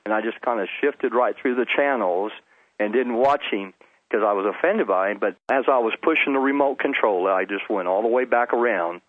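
A man's voice: fairly low pitch, moderate pace. A middle-aged man, a Baptist pastor, earnestly telling his testimony in an interview, often repeating words for emphasis. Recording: dry, phone-like line.

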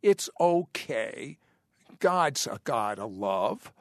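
A man hosting an interview, asking slow, deliberate questions. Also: mid-range voice, big pitch swings, no room sound, studio quality. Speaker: interviewer host.

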